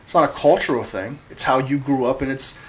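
A man's voice: medium pitch, a little fast, a crowd in the background. A man co-hosting a podcast in casual chat, earnest and full of fillers. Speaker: podcast co-host.

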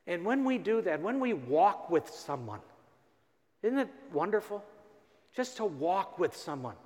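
A priest preaches a parish mission, his voice sitting on the higher side. He tells his stories with animation and acts out both sides of each conversation. A long church reverb trails after every phrase. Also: a little slow. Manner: animated, acts out dialogue with rising emphasis. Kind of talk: storytelling sermon. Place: large church.

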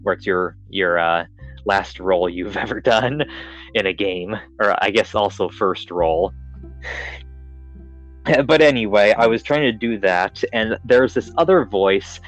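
A man's voice: on the low side, measured pace, lo-fi sound, faint music behind. A young man hosting a podcast in casual chat, rambling with lots of fillers and restarts. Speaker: podcast host.

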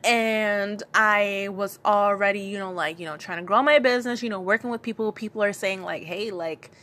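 A woman's voice: mid-range voice, fairly even intonation, normal speed, fairly bright tone. Chatty young Southern businesswoman. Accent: light Gullah Geechee, Lowcountry South Carolina. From Charleston, South Carolina. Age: young adult. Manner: chatty, many fillers, repeats lines for emphasis. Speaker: business owner telling her story. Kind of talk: casual personal storytelling.

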